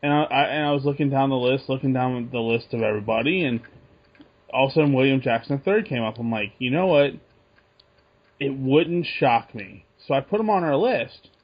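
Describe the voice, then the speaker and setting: A man co-hosting a sports podcast, talking through his picks in a relaxed way. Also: medium pitch, fairly quick, husky. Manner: relaxed, thinking aloud with restarts. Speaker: podcast co-host. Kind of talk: casual sports podcast chat. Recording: muffled lo-fi sound.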